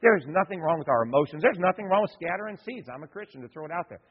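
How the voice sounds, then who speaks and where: Husky-voiced man preaching a sermon. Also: a little high, lively intonation, racing, long reverb tail, lo-fi sound. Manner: folksy, repeats himself, acts out quotes. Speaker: pastor. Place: church.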